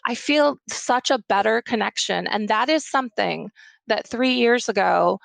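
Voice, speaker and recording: A woman speaking on a panel as a mother of three, telling candid stories in an animated way with frequent restarts. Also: on the high side, unhurried, creaky, no room sound. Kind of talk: casual panel discussion.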